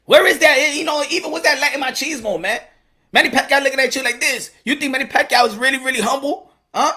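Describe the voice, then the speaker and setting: A man with a New York accent riffs alone on boxing, animated and profane, laughing through his points. His voice sits high and bright. He talks fast and loose, in a casual commentary style.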